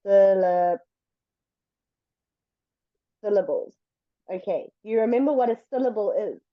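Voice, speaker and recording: Slow, patient woman teaching English. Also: mid-range voice, no room sound, highs cut off. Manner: patient, slow and deliberate, stretching words to demonstrate. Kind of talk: online language lesson.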